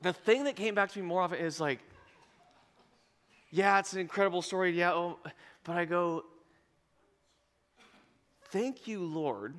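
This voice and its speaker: A man preaching a sermon as pastor, telling a story with lively acted-out dialogue and bursts of laughter. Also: high-pitched, a little slow, long pauses. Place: church auditorium. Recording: long reverb of a large hall.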